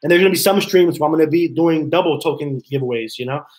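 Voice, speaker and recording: A man's voice: on the high side, fast talker, soft background music, low-quality recording. A man hosting a casual live stream from his home office, rambling and repeating himself as he reads chat messages aloud. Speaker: livestream host.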